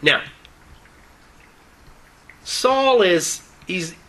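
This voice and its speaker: A man's voice: high-pitched, expressive, drawn-out words, fairly bright tone, poor audio. An older man preaching in an informal Bible teaching, joking in a folksy way between readings of scripture and speaking around loose-fitting dentures.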